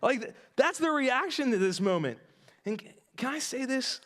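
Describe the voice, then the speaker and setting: A male pastor giving a conversational sermon, retelling a story with lively asides and direct questions to the congregation. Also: extremely high pitch, normal speed. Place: church sanctuary.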